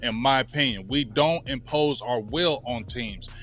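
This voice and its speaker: A man's voice: medium pitch, a little slow, fairly bright tone, soft background music. Fired-up man ranting about his team. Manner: passionate, repeats himself for emphasis. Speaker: sports podcast co-host. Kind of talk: heated casual sports talk.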